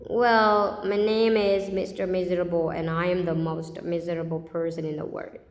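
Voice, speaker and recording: A woman's voice: on the low side, little pitch movement, moderate pace, close to an everyday voice. A woman voicing a gloomy, miserable storybook man who talks in a glum, sniffy way. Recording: echoey room with long reverb.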